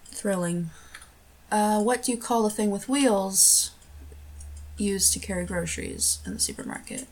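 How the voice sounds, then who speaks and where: Young woman vlogger, slow-paced, vocal fry, giggly, casual chat. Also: mid-range voice, very animated, a little mellow. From United States. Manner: giggly, laughs between words. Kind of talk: casual accent-tag video.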